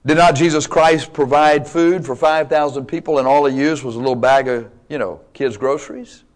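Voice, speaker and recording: A man's voice: a little high, steady tone, moderate pace. A man preaching a sermon, emphatic and dynamic, with playful asides to the congregation. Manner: emphatic, swings between loud and quiet, playful asides.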